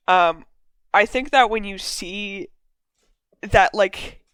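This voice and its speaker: Slow and given to long pauses, this podcast host has a mid-range, slightly bright voice that's clear and resonant, with no echo. She chats loosely about games, full of filler words and casual cursing.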